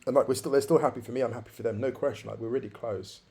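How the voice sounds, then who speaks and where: A man's voice: medium pitch, steady tone, rapid-fire, a little mellow. A man around forty, a podcast guest, reflectively telling his life story and repeating phrases for emphasis.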